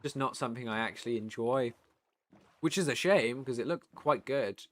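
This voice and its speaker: A tired British man chatting casually on a live stream, swearing freely and getting loud and worked up when he rants. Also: mid-range voice, moderate pace. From Britain.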